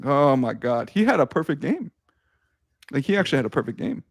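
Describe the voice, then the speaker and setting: A young man hosting a casual sports podcast, excitable and quick to swear and laugh. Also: medium pitch, no room sound. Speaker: podcast host.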